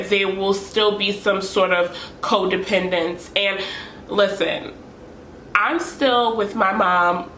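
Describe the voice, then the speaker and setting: A woman's voice: medium pitch, sharp tone, slight background noise. A young woman vlogger giving earnest, encouraging advice to camera, repeating key points for emphasis. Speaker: lifestyle vlogger. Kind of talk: casual advice talk to camera. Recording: echoey room with faint ambience.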